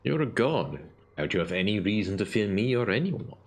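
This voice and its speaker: A man's voice: lowish voice, sing-song, fairly quick. A man doing a blunt young bard hero. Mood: questioning. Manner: blunt, questioning. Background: game music.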